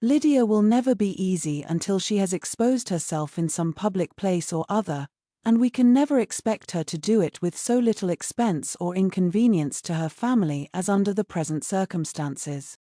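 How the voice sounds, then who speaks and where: A woman voicing a dry, teasing older gentleman father in a storybook reading, in a mellow tone. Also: sits high, expressive, moderate pace, no room sound. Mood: wry teasing. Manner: wry, mocking.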